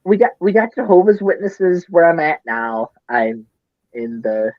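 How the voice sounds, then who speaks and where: A Midwestern man co-hosts a casual podcast chat, rambling and cursing as he gets flustered and launches into rants. His voice sits a little high with fairly even intonation and a measured pace. The recording is dry and muffled.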